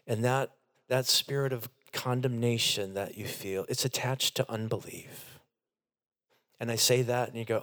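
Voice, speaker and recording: A man's voice: mid-range voice, steady tone, measured pace, a bit bright. A middle-aged man preaching a sermon to his congregation in a church, earnest and direct. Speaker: pastor. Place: church sanctuary.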